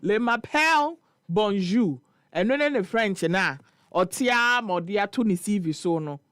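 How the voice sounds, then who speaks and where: A Ghanaian man hosting a morning radio show, telling a story and reading listener comments in an animated, laughing way. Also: high-pitched, normal speed, no echo, clean studio sound. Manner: animated, laughing storyteller mixing Twi and English. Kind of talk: casual chat reading social media comments. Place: radio studio.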